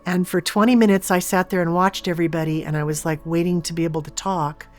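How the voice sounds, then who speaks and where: A woman's voice: on the low side, steady tone, quick pace, soft background music. A woman guest in an interview, earnestly and vividly retelling a personal experience.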